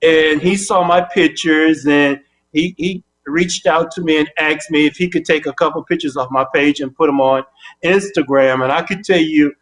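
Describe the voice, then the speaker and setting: An older man as the interview guest, telling an animated story and acting out both sides of his phone calls. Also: a little high, moderate pace.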